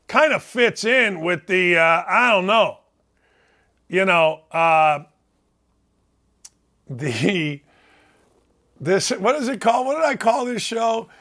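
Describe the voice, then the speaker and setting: A man hosting a sports talk show, ranting in a loud, blustery, rambling way and turning combative. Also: high-pitched. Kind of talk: opinionated sports radio rant.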